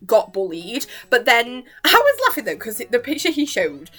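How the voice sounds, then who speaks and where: A young woman gushes through a casual reaction chat, giggling often and slipping into little acted-out quotes. Her voice sits a bit high and swoops up and down all the time. Faint music plays behind her. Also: very animated, normal speed, a bit bright. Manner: gushing and giggly, acts out quotes. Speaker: vlogger.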